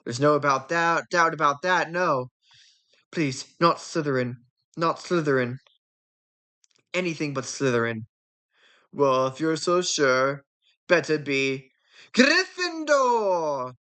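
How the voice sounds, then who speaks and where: A woman voicing an old talking magic hat that ponders slowly in a fan reading of a film script. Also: sits low, fairly bright tone, voice pushed down. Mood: pondering. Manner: musing, drawn-out pondering.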